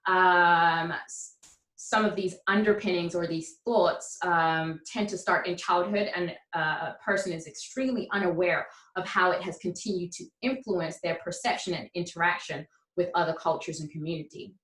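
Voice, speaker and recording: Low-voiced woman presenting a workshop. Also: steady tone, moderate pace, fairly bright tone, roomy sound, rough recording. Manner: explanatory, many "um" fillers, asks rhetorical questions. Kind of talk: training workshop lecture.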